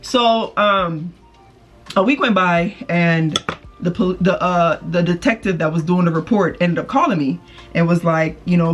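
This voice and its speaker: A woman's voice: on the low side, moderate pace, dull audio, soft background music. A woman casually telling a personal story on her channel, swearing freely and acting out the people she quotes, while doing her makeup. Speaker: vlogger.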